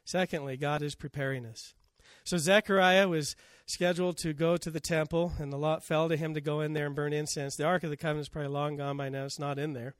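High-voiced male preacher. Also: steady tone, quick pace, hardly any pauses, no room sound, clean studio sound. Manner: storytelling, acting out scripture quotes. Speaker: pastor. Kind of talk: sermon.

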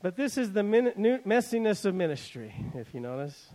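Animated man preaching a sermon. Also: high-pitched, normal speed, poor audio. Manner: animated preaching, dramatic swings between loud emphasis and quiet asides; paraphrases scripture in a conversational, wry tone. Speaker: pastor.

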